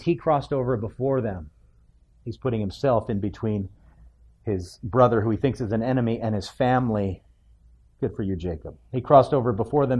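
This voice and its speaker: A man preaching a sermon, retelling the story expressively and acting out the characters' lines. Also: mid-range voice. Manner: expressive, acts out biblical characters' voices.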